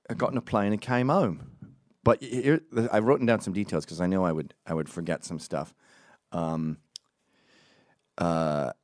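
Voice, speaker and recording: A man vlogging into his own camera in an animated, profane rant, mimicking the people he talks about. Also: sits low, no echo, studio quality. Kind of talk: ranting monologue to camera.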